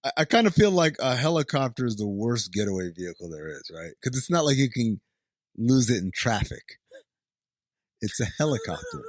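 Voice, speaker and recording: A man's voice: medium pitch, wildly swooping pitch, a little fast, no echo. A man co-hosting a movie podcast, riffing sarcastically, rambling and swearing with frequent laughs. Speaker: podcast co-host. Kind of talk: casual movie-riffing chat.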